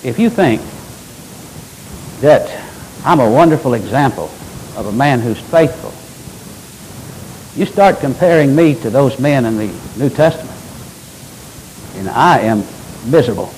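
An older man preaching a sermon as pastor, with animated delivery and folksy asides. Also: mid-range voice, a little slow, pauses often, a little hiss or hum, poor audio.

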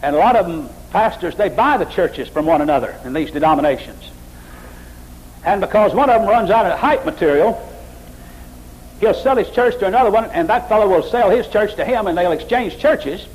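A man preaching a sermon with emphatic, repetitive phrasing, climbing higher and louder as he mocks emotional worship. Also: expressive, a little fast, low-quality recording. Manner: emphatic, repetitive, rises high when mocking emotional worship.

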